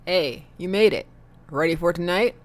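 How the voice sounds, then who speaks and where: A woman's voice: on the low side, moderate pace, close to an everyday voice. A woman reading the lines of a friendly, easygoing middle-aged man in a dating game.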